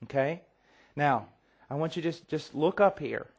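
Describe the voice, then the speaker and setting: Intense preacher man, fiery to hushed. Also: a little high, animated, normal speed. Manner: swings from quiet intensity to near-shouting; acts out quoted voices. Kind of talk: sermon.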